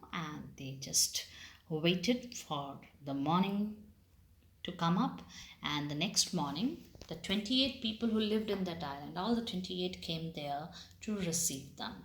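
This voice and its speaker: A woman teaching a class. She reads a story aloud and patiently explains its words, pausing with fillers. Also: lowish voice, a bit bright. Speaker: English teacher. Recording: echoey room.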